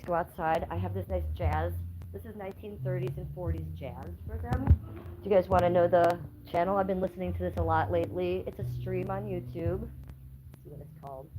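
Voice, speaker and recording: Chatty American woman, faint room noise. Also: on the low side. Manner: chatty, talks baby talk to her pets. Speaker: livestream host. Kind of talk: casual livestream chat. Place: house, indoors and on the porch.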